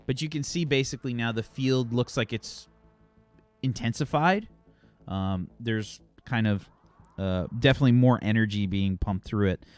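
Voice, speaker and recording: A man's voice: mid-range voice, moderate pace, a little mellow, faint music behind. A man narrating a tabletop game as game master in a casual, rambling way.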